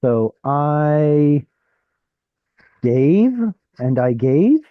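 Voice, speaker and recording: A man's voice: on the high side, lively intonation, very slow, no room sound. Man teaching, dull dry call audio. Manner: explains while thinking aloud, asks the class questions. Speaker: Hebrew teacher. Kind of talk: live online class teaching. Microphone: video call.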